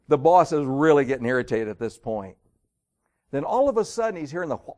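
A man preaching an evening sermon, reading old-style scripture aloud and telling stories, swinging between loud emphasis and quiet, slowed lines. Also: a little high, very animated. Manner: reads King James verses aloud, dramatic storytelling.

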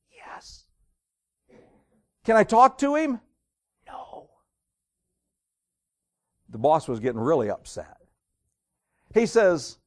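A man preaching an evening sermon, reading old-style scripture aloud and telling stories, swinging between loud emphasis and quiet, slowed lines. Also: medium pitch. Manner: reads King James verses aloud, dramatic storytelling.

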